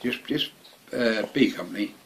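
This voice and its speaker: An older man speaks in a rather low, gruff tone, telling his story at home in a loose, meandering way. He swears constantly and keeps repeating words. Faint household ambience sits behind him. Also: normal speed, a bit bright, a little hiss or hum. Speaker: veteran interviewee. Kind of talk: casual reminiscing.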